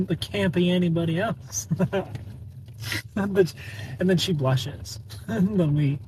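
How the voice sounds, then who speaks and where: A man's voice: sits high, slow, background noise. A man chatting on a casual live stream, greeting viewers by name, playful and laughing often.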